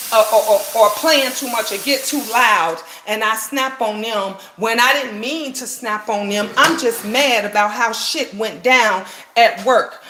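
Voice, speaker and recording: Middle-aged woman vlogger, high-pitched and impassioned, preaching to viewers in an echoey room. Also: background noise. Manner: emotional, impassioned, with repeated phrases and blunt swearing. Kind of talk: heartfelt preachy monologue to viewers. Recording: roomy echo.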